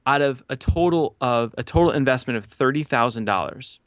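A man in his thirties telling a business story on a podcast, animated, with many fillers and acted-out quotes. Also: mid-range voice, brisk, dry recording, clean studio sound. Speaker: podcast guest. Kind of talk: casual storytelling.

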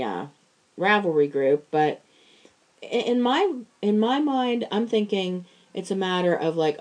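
A woman from Pittsburgh, a farmer and podcast co-host, chats casually in a lowish, darkish voice and restarts her sentences often.

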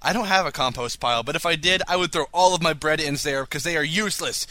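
A man's voice: on the high side, quick pace, sharp tone, no echo. A man co-hosting a casual podcast, reading listener mail with jokey asides and frequent laughter. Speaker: podcast co-host.

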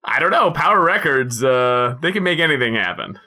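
A woman's voice: a bass voice, very animated, brisk, pushed and bright. A woman co-hosting a podcast over a video call, chatting casually with wry humor. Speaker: podcast co-host. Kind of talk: casual chat.

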